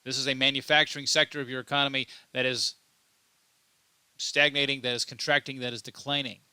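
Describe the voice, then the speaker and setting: A man's voice: medium pitch, level tone, fairly quick, bright, forceful tone, clean tone, no room sound. A man hosting his own political commentary show, talking emphatically off the cuff and often repeating and restarting his words. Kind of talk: unscripted commentary monologue.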